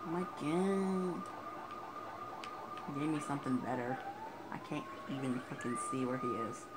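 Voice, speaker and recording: In this let's play, a gamer with a mid-range voice comments fairly quickly as he plays, frequently getting frustrated and cursing at the game. Police sirens and other game sounds make the recording noisy.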